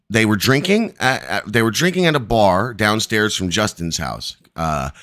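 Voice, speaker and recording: A man's voice: lowish voice, a bit bright. A man hosting a live stream, telling a long, rambling story full of profanity.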